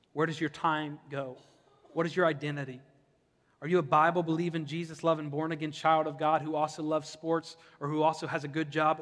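A man's voice: fairly high pitch, a bit bright, long reverb tail. A young adult man from Ohio preaching a sermon, conversational and impassioned, with humorous personal stories. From Ohio, USA. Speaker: pastor. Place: church sanctuary.

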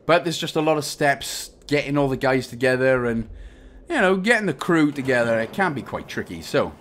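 Commentating over a walkthrough, the young Welshman speaks at normal speed with a medium pitch, lively intonation and a fairly bright tone. His step-by-step directions get broken up by rambling, jokey digressions.

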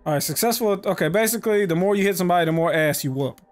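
A man commentating his own gameplay, excitable and profane, often yelling at the game. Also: high-pitched, rapid-fire, soft background music. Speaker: let's play host.

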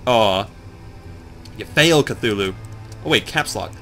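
A man in casual gameplay commentary, just up and groggy, rambling to his viewers and swearing as he gets lost and then excited. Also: mid-range voice, moderate pace, pauses often. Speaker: let's play commentator. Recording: faint game music behind.

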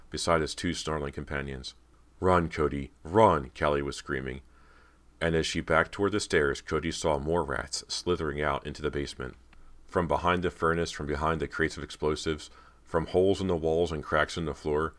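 A man narrating a horror audiobook in a steady, measured reading. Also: very deep voice.

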